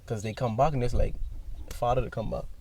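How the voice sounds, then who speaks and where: A young man telling a rambling, animated story in casual podcast chat, acting out other people's voices as he goes. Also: medium pitch, brisk, gravelly. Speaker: podcast guest. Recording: distant mic with faint noise.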